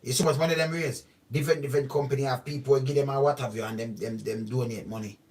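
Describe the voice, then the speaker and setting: A man's voice: medium pitch, fairly even intonation, fast, a little mellow, recorded from a distance. A man with a Jamaican accent giving an emphatic, repetitive political commentary monologue, pressing his points with insistent questions.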